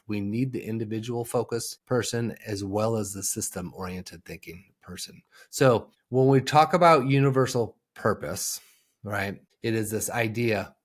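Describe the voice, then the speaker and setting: A man hosting a solo coaching podcast, talking earnestly and conversationally with frequent fillers and restarts. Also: lowish voice.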